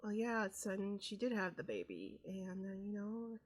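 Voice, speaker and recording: A woman voicing a sheepish middle-aged father in a life-sim game, talking haltingly and stammering through a confession. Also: medium pitch, very animated. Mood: earnest. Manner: hesitant, stammering.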